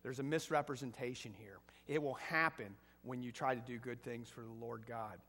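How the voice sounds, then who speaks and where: A man's voice: mid-range voice, steady tone, moderate pace, bright, forceful tone. A man preaching a conversational sermon as pastor, asking the congregation questions and rising to emphatic peaks. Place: church sanctuary. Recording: echoey hall.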